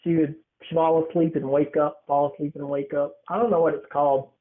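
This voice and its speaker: Young male podcast host, playful teaser, higher voice, phone-quality audio. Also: flat delivery, fairly quick. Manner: teasing, joking storyteller. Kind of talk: casual podcast chat. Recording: tinny phone-like sound.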